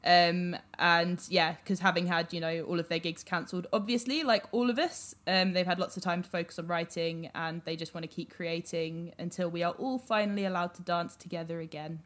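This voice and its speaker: A woman with a fairly low voice co-hosts a relaxed music show. She talks in a chatty, rambling way, full of ums, and she teases her co-host. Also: a little fast, few pauses. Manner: chatty, many ums, teasing. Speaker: podcast co-host. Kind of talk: casual chat about songs.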